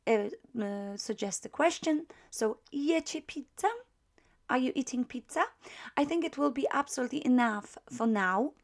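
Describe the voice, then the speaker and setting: A woman teaching a beginner language lesson, explaining patiently with many fillers and "right?" checks. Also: high-pitched.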